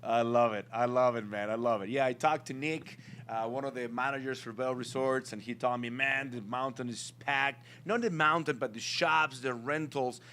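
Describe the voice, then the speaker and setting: A middle-aged man with a foreign accent, co-hosting a casual morning show and telling stories with excitement. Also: medium pitch, normal speed, few pauses, slight background noise. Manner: excitable, laughs often, lively storytelling. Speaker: co-host.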